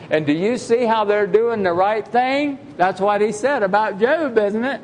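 A man's voice: sits high, unhurried, few pauses, slight background noise. A man preaching a sermon to a congregation, emphatic and full of rhetorical questions. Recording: long hall reverb.

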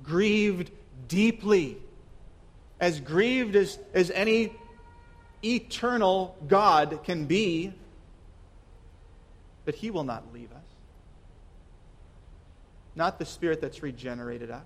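Earnest high-voiced man preaching. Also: animated, slow pace, long pauses. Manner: earnest, repeats words, asks rhetorical questions; shifts between loud emphasis and soft near-whispers. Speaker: pastor. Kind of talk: sermon.

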